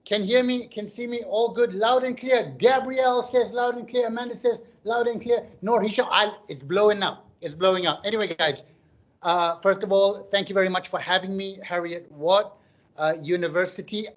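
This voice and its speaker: Chatty middle-aged comedian, higher voice. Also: male voice, fairly even intonation, moderate pace, lo-fi sound. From Malaysia. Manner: chatty, jokey, reads out viewers' comments. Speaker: stand-up comedian. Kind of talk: stand-up comedy on a live online stream.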